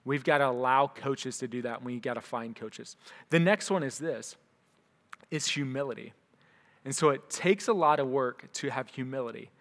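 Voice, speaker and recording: A man preaches in an easy, conversational way, slipping into the voices of people from his own stories. His voice sits at an ordinary middle pitch. The sound carries the long reverb of a church hall. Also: normal speed, fairly bright tone. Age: young adult to middle-aged; father of a young son. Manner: conversational, acts out quoted voices. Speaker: pastor. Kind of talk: sermon.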